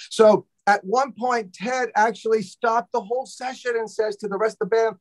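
A man with a fairly high voice tells a studio story in a loose, animated way. He swears freely and acts out everyone's lines as he goes. He is a drummer from Los Angeles, chatting as a guest. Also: moderate pace, hardly any pauses. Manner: animated, profane, acts out quotes. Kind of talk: casual storytelling interview.

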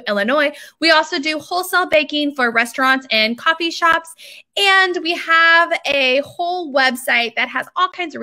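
A chatty woman hosts a casual live stream, speaking straight to her viewers in a high, lifted voice. Her tone is bright and crisp, and her talk is informal and upbeat, full of fillers and quick asides. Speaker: bakery owner hosting a live stream. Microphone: computer camera mic.

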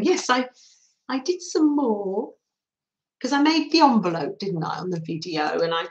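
Woman, middle-aged, from England, relaxed craft chat, slow pace, echoey room. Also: medium pitch. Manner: chatty, reminiscing, frequent laughs. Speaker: craft livestream host. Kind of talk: casual chat while crafting.

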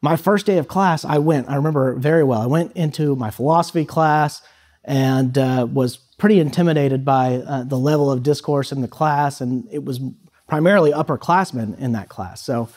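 As a guest speaker at a high school, a man in his thirties tells a personal story in an easygoing, filler-laden way. He speaks at normal speed in a medium-pitched voice with a darkish tone.

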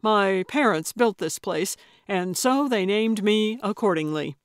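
A woman's voice: mid-range voice, measured pace, no echo, studio quality, lightly acted. A woman voicing an eager young man in Western garb who greets visitors with forced, salesy cheer. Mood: exuberant. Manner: overly exuberant, salesy cheer. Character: eager young male theme park host.

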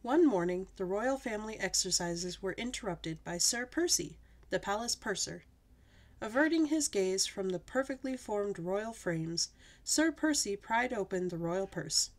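Expressive woman reading to children. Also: mid-range voice, measured pace. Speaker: children's storyteller. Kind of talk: reading a picture book aloud.

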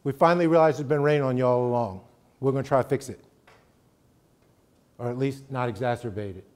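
A man's voice: mid-range voice, a little fast, a little mellow. A middle-aged man giving a conversational college lecture, emphatic and often checking in with the audience. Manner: emphatic, keeps checking in with "right?". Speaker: guest lecturer.

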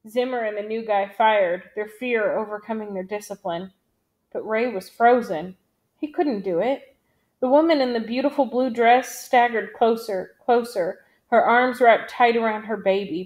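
Reading a novel aloud at a medium pitch, this woman narrates as an audiobook reader in an even, measured storytelling style.

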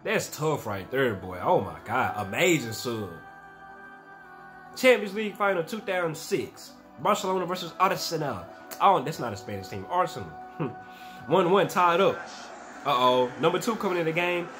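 A young man reacting to sports clips in a loose, slangy way, his voice climbing and dropping all over as he gets hyped. His pitch sits a little high for a man. Faint music plays underneath. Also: moderate pace. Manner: excitable, slangy, shouts and laughs at highlights. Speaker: reaction video host. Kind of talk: casual reaction commentary.

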